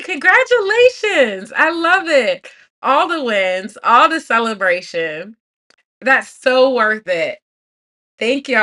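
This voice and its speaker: Woman, 40s, bright and effusive livestream host, cheering viewers on. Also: a little high. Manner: warm, encouraging, effusive. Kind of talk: live chat with viewers.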